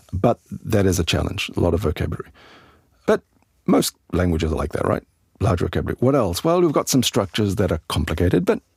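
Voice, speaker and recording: A man hosting a podcast lesson as an English teacher, explaining in a relaxed, chatty way with asides to the listener. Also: low-pitched, gravelly, slightly rough, dry recording, studio quality.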